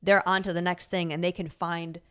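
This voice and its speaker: A woman's voice: fairly low pitch, level tone, moderate pace, clear, resonant tone. Chatty woman full of "like" fillers. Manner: chatty and rambling, many "like" fillers; laughs often while telling stories. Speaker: podcast co-host. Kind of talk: casual conversational podcast chat.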